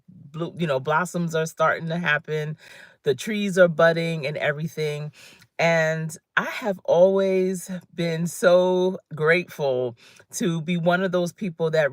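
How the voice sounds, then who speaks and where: A woman's voice: deep voice, dry recording. This is a middle-aged woman whose New Jersey accent still colors her easygoing speech. She chats loosely with her viewers, laughing often as she reads their comments. Her voice is captured close and dry, with no room sound around it. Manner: chatty and warm, laughing often, reading viewer comments aloud. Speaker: career coach. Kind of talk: casual livestream chat.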